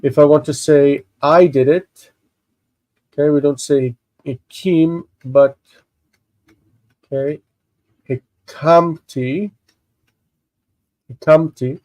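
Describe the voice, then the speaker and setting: A man with congested sinuses, slowly explaining a Bible text in a live lesson, halting and thinking aloud with many fillers. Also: on the high side, fairly even intonation, warm tone, no room sound, low-quality recording. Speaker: Hebrew teacher.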